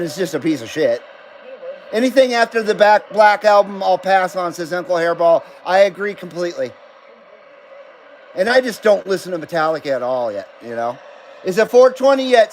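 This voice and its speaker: Radio stream host guy, high voice, loose and jokey, little faint hiss behind. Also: normal speed, low-quality recording. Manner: chatty, laughs often, reads viewer comments aloud. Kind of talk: casual live-stream chat.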